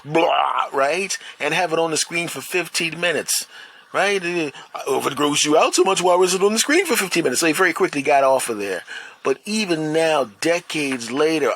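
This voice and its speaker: A middle-aged man talks alone on his podcast, meandering from point to point. His storytelling is lively, and he often breaks off to poke fun at himself. His pitch sits in an ordinary middle range. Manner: rambling, animated storytelling with self-mocking asides. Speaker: podcast host. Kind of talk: solo podcast monologue.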